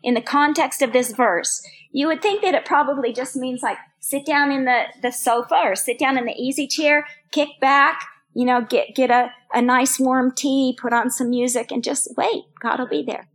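A woman's voice: high voice, steady tone, moderate pace, few pauses. An older woman teaching a women's Bible study, earnest and personal, repeating phrases for emphasis. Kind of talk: sermon.

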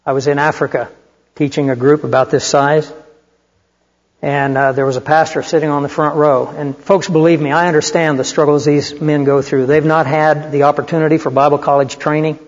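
An older man preaching a sermon, telling stories in an animated, conversational way. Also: on the high side, brisk. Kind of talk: sermon with storytelling. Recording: muffled hall recording with long reverb.

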